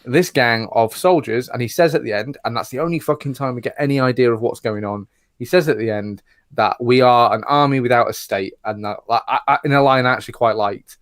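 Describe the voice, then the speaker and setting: A man's voice: medium pitch, no echo, clean studio sound. A British man co-hosting a podcast, ranting sarcastically in casual chat and swearing. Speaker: podcast co-host.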